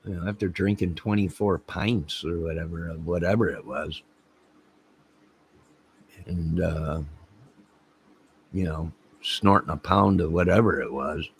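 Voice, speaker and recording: Speaking to camera on his own channel, a man with a low, gravelly voice spins a rambling comic story at a measured pace with long pauses. He laughs at his own jokes and acts out the quotes. A little hiss or hum is audible.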